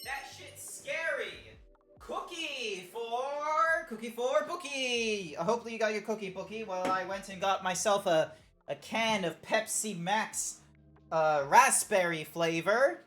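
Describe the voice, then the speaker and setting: Faint, quiet music sits under this Australian Twitch streamer as she talks at a moderate pace, rambling loosely and cursing freely in reaction to her viewers' messages. Her pitch is middling for a woman.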